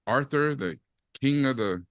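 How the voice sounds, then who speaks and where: A man in casual podcast chat, reviewing a series with animated energy. His voice sits in the middle range and sounds dry and close, with no room around it. He jumps up into bursts when he mimics what characters say. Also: mid-range voice, a little slow, clear, resonant tone, dry recording. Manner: animated, acts out quoted lines in bursts. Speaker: podcast co-host.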